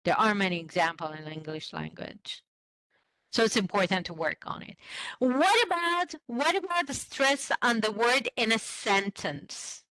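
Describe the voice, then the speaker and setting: A woman teaching an online class for language teachers, explaining slowly and asking the class questions. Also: a little high, pushed and bright, no echo, poor audio. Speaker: teacher trainer. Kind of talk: online teacher-training lesson.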